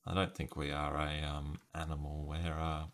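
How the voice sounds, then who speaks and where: A man's voice: a bass voice, little pitch movement, moderate pace. A man casually live-streaming a word puzzle, thinking aloud over his guesses and chatting with viewers by name. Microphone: webcam stream setup.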